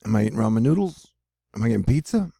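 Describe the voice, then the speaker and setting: Gravelly, rambling man vlogging. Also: on the low side, very animated, quick pace, warm tone, no room sound, clean studio sound. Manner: rambling, profane, jokey, loses his train of thought. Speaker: weather and space video host. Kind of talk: rambling casual commentary over weather maps.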